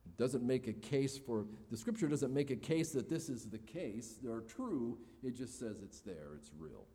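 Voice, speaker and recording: A man's voice: mid-range voice, lively intonation, normal speed, dark tone, big-room sound. A man preaching a sermon in an earnest, expository way, building emphasis as he makes his points.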